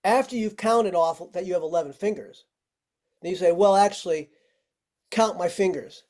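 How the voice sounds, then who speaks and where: This man speaks in a high, slightly mellow voice at a normal speed. As a firefighting instructor running a virtual training session, he warmly guides firefighters through easy tricks step by step on a video call.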